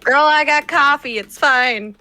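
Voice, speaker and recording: Bright, playful woman player, short on sleep. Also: high voice, unhurried, dry recording. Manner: playful, jokey banter. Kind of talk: casual chat.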